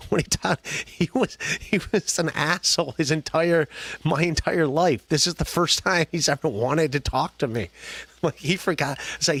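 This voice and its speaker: A man's voice: medium pitch, fairly bright tone, no echo. Rambling male podcast host, dry sound. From Ohio. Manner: rambling, laughs often, many restarts and fillers. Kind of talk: casual rambling livestream chat.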